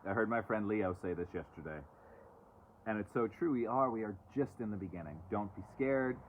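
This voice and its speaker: A man's voice: lowish voice, a little hiss or hum. A man casually reading oracle cards on a live stream outdoors, chatty with sarcastic asides. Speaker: oracle card reader. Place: outdoors, away from home. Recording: tinny phone-like live stream.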